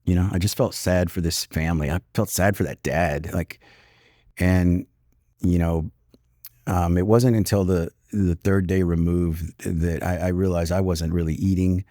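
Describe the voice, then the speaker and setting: A man in his fifties with a deep, low voice recounts a personal story as a podcast guest. He speaks in an earnest, reflective way, often pausing with "you know." The recording sounds close and dry, with no room echo. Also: fairly even intonation, dark tone. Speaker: podcast guest, retired police commander.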